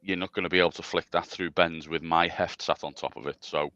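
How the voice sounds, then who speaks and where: A man with a very low voice talks at length in a loose, rambling way, often restarting his sentences. He sounds dry and a little muffled. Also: steady tone, fairly quick, pushed and bright, no room sound. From England. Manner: rambling, self-deprecating, stammering restarts. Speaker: special guest. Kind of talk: casual chat on a livestream.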